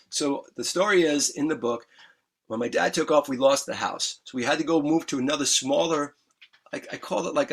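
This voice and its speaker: A man's voice: a little high, gravelly, a bit bright, husky. A middle-aged man, telling his story in an interview in an earnest, emphatic way and repeating his key words. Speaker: guest musician. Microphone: remote interview mic.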